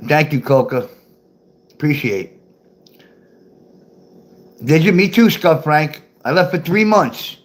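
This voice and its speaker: Older man, memoir reader, salty and self-amused, slightly high, very animated pitch. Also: takes it slowly, long pauses. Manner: profane, laughs at his own stories. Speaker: author reading his memoir. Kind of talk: reading his memoir aloud and chatting with viewers.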